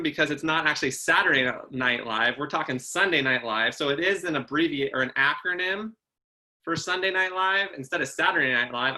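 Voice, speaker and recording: Male live-stream co-host, very bright tone, slightly high voice, playful and repetitive. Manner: playful, sing-song repetition. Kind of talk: casual live-stream chat.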